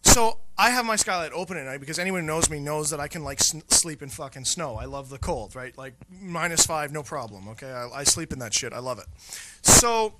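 A man co-hosting a casual radio show, telling crude, animated anecdotes with lots of swearing. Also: fairly high pitch, brisk. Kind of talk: casual storytelling chat.

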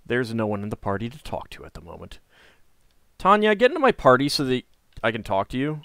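A man's voice: medium pitch, a little fast, no room sound, clean studio sound. Jokey man narrating his gameplay. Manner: jokey, reads item text aloud with excited bursts. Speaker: let's play host. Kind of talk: casual game commentary.

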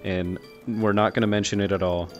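Chill low voiced dude streaming, jokey, music playing behind. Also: male voice, little pitch movement, fairly quick, muffled recording. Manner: laid-back, joking, quotes his own chat. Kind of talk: casual chat with friends.

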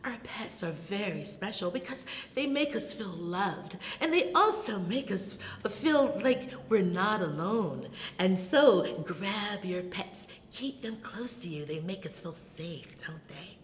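Rhymes and songs fill this toddler storytime, led by a female children's librarian whose delivery is slow, animated and sing-song. She gasps with delight and drops into soft whispers, and the audio carries a long reverb plus a faint low rumble.

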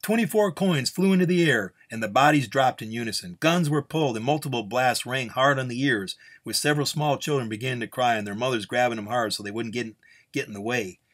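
A man's voice: medium pitch, fairly quick, fairly bright tone. Man reading a Western story aloud. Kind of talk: storytelling narration.

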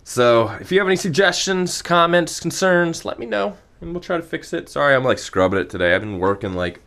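A man's voice: mid-range voice, a bit bright. A young man venting angrily and profanely about broken gear in a casual, rambling vlog. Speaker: vlogger.

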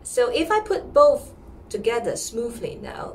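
A woman teaching pronunciation, breaking words into sounds and repeating them patiently. Her voice rises high and swings widely in pitch. She sits some distance from the mic with a faint hum behind her. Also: very animated, a little mellow. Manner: slow, careful, repeats words. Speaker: music teacher. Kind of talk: pronunciation lesson.

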